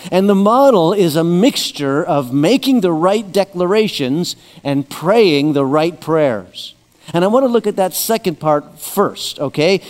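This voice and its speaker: Man preaching, slowing down for scripture. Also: a little high, a little mellow, in a large hall. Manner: conversational preaching with humor, slows for scripture. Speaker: pastor. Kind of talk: sermon.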